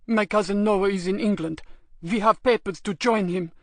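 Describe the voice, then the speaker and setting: A woman's voice: medium pitch, normal speed, dry recording, natural voice. Brief: a woman playing a frightened, pleading refugee father in an audiobook, dry close sound. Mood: anxious.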